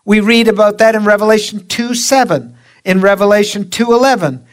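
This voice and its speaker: A woman preaching a sermon, slow and emphatic, drawing out her phrases. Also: mid-range voice.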